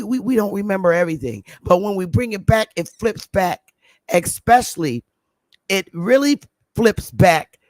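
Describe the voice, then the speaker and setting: A woman's voice: mid-range voice, dry recording. A middle-aged woman hosting a livestream, talking emphatically to her viewers and repeating points for stress. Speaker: livestream host.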